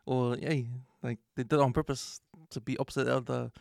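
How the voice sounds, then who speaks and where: A man with a New Zealand accent hosting a casual podcast chat, relaxed, putting questions to the group. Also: mid-range voice, brisk, gravelly, dry recording, studio quality. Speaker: podcast host.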